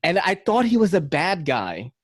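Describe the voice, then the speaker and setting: A young man chatting casually as a podcast guest, telling stories with lively, acted-out quotes. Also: normal speed, no echo, studio quality. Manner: animated storyteller, acts out quotes with big pitch jumps. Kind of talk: casual chat.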